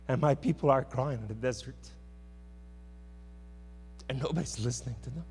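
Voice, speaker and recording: A man preaching a sermon in church, impassioned, swinging between loud outbursts and hushed words. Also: mid-range voice, normal speed. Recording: hum in a reverberant hall.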